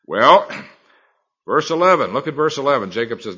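A man's voice: mid-range voice, sing-song, normal speed, long pauses, bright, forceful tone, slightly rough, highs cut off. A middle-aged man, a Bible teacher, preaching a sermon in a folksy, colloquial storytelling manner.

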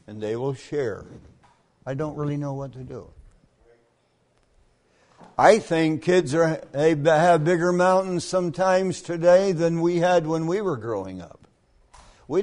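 An older man preaching a camp meeting sermon in a folksy storytelling manner, often clearing his throat. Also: a little high, a little mellow.

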